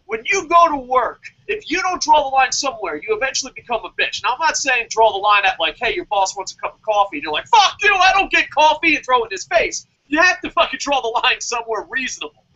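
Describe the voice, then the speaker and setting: A man with an unusually high, bright voice that swings wildly up and down. He rants in heated, repetitive bursts, swears constantly and breaks into shouts. The podcast audio is dull and lo-fi. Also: animated, fast, few pauses. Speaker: podcast co-host. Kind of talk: profane wrestling review rant.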